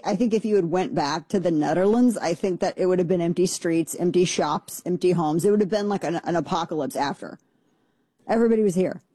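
A woman's voice: on the low side, dark tone, breathy edge, dry recording. A woman in her thirties hosting a commentary show, chatty and sarcastic, rambling with restarts. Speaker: podcast host. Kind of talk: opinionated commentary.

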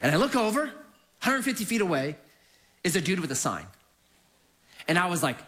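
A man's voice: high-pitched, big pitch swings, normal speed, bright, forceful tone. A middle-aged man, a preacher, telling a humorous personal story, acting out his own reactions and chuckling through his lines.

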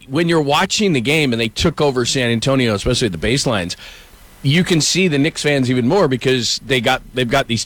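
Middle-aged man, animated sports talk. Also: mid-range voice, dry recording. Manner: animated storyteller, quick asides. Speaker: sports journalist and co-host.

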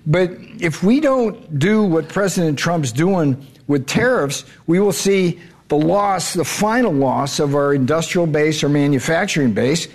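A man's voice: a little high, lively intonation, unhurried. A man answering interview questions as a trade adviser, blunt and emphatic, often repeating words as he restarts.

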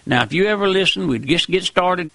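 A man's voice: sits high, animated, brisk, gravelly, bright, forceful tone, no room sound. A middle-aged man preaching a sermon in a folksy, earnest way, often repeating phrases.

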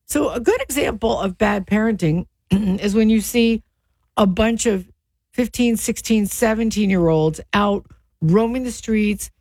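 A middle-aged woman co-hosts a radio talk show, talking in an animated, opinionated way. Her voice sits at an ordinary pitch. The studio sound is dry and close. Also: unhurried, no room sound. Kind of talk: casual radio chat. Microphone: studio microphone.

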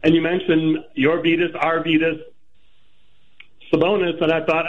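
A man's voice: fairly high pitch, lively intonation, a little fast. A man calling a sports radio show, hesitant at first, with fillers. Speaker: caller. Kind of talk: phone-in chat. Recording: tinny phone line.

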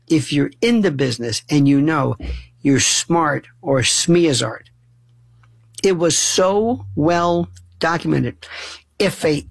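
Male talk host, husky and gravelly, emphatic and rambling, keeps restarting phrases. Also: on the high side, no echo. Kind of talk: casual monologue.

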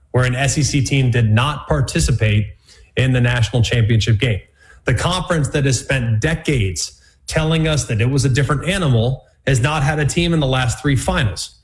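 A man hosting a college football analysis show, talking in a punchy, emphatic way with plenty of repetition. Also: medium pitch. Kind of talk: sports commentary show.

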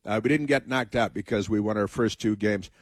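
A man's voice: on the low side, brisk, no room sound. Rambling American man, dry close mic. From United States. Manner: rambling, many fillers and restarts, sarcastic mocking quotes. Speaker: political talk host. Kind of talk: casual monologue.

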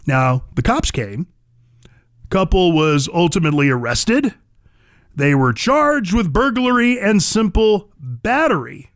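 Man, radio talk host, high-pitched, blunt and combative, folksy, dry close mic. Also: very animated, slow, no room sound. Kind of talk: opinionated call-in radio monologue.

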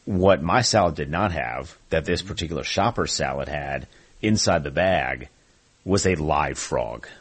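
A man's voice: rumbling low, measured pace, breathy edge. A man co-hosting a talk show, telling a joking, wry story in casual chat. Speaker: co-host.

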